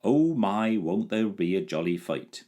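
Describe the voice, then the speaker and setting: A man's voice: on the low side, expressive, unhurried, dark tone. A man reading a storybook aloud, voicing a cheerful village boy full of eager gossip. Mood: excited. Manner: chirpy, eager.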